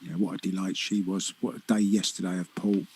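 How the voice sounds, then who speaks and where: Male color commentator for pool, low and raspy, laid-back quips between shots. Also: fairly quick, poor audio. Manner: relaxed, joking, short reactive remarks on play. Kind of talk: live sports commentary.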